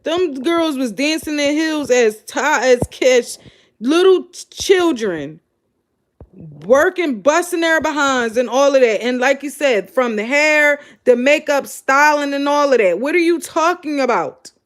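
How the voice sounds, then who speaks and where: High-voiced blunt woman host. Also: measured pace. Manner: blunt, animated, incredulous, talks to the audience. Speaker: show host. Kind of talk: casual live reaction commentary.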